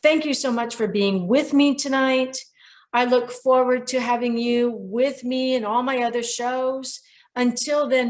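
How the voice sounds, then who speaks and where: A middle-aged woman hosts a show on dreams, with a voice pitched a little high. She tells a client's story in an animated way and acts out what each person said. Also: a little slow. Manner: animated storyteller who quotes people directly. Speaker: radio show host and dream interpreter. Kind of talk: storytelling monologue.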